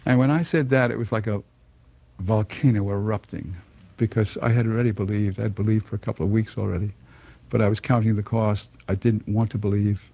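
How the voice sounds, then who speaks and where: A man's voice: on the low side, steady tone, fairly quick, vocal fry, mellow, lo-fi sound. An older man telling a personal conversion story to an audience, folksy and chuckling often. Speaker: speaker giving a personal testimony.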